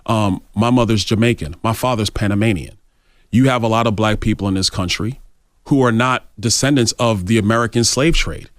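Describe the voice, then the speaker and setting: A man's voice: fairly low pitch, a little fast, no echo, clean studio sound. A male congressman guest answering interview questions in an assertive, argumentative way. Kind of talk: radio interview.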